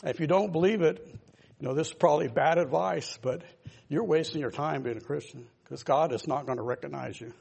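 Older male pastor, husky gravelly voice, a bit high, rambling emphatic sermon. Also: fairly quick, darkish tone. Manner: rambling, emphatic preaching with asides to listeners. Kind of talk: informal sermon.

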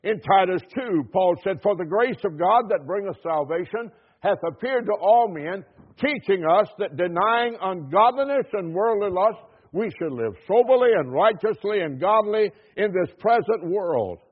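A man's voice: high voice, expressive, normal speed, slightly rough. A man preaching a sermon, firing repeated questions at the congregation and reading scripture in an old-fashioned cadence. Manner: impassioned, repeating rhetorical questions. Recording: tinny phone-like sound.

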